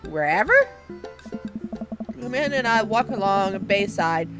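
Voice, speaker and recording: A woman's voice: mid-range voice, lively intonation, quick pace. A woman streamer reading the narration of a visual novel game aloud. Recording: loud game music behind voice. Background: loud game music.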